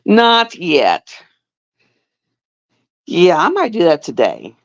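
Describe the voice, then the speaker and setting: Gravelly animated woman with a drawl. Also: lowish voice, extremely slow, no echo. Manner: animated, laughing, acts out voices. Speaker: live stream host. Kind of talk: casual storytelling chat. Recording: dull lo-fi sound.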